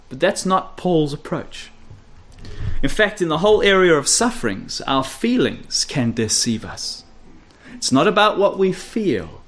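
Emphatic preacher, a man with a higher voice. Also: animated, measured pace. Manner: emphatic, repeats key phrases, drops low and quiet for stress; asks the audience rhetorical questions. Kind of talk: expository sermon.

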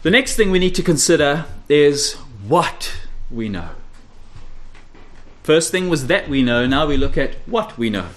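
A man preaching an expository sermon, stressing key phrases by repeating them and dropping low and quiet, and putting rhetorical questions to his listeners. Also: animated, unhurried. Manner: asks the audience rhetorical questions.

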